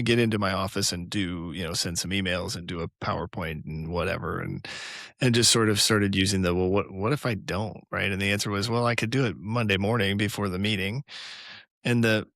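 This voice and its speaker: A man with a deep voice talks things through slowly in casual podcast chat. He pauses and hedges often. The recording is dry and close. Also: a bit bright, dry recording. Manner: reflective, hesitant, many fillers. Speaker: podcast co-host.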